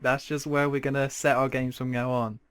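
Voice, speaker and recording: A young man hosting a podcast in casual chat, talking quickly with sarcastic asides. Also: medium pitch, level tone, fairly bright tone, clear, resonant tone. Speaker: podcast host.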